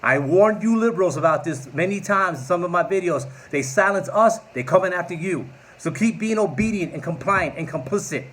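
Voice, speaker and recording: A man in his forties delivers a combative political rant straight to camera. His voice sits fairly high for a man, and he keeps a sarcastic, mocking edge throughout. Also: lively intonation, brisk, few pauses, fairly bright tone. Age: 40s. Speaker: political vlogger.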